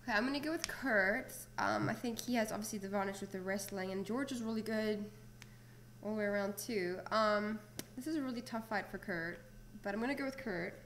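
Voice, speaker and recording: A young woman hosting a casual interview, bubbly and quick to laugh. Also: mid-range voice, fairly bright tone, a little hiss or hum. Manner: bubbly, giggly. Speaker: host.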